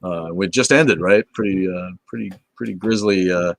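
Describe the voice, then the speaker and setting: Man in his fifties, livestream host, rambling, profane, laid-back, low voice, dry close sound. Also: moderate pace, gravelly, no echo. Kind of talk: casual livestream chat reading viewer comments.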